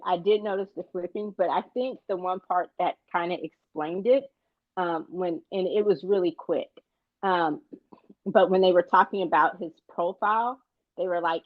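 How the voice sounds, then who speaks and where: A woman's voice: fairly low pitch, no echo, highs cut off. A woman co-hosting a movie podcast, chatting casually and tripping over her words now and then. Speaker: podcast co-host. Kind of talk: casual chat.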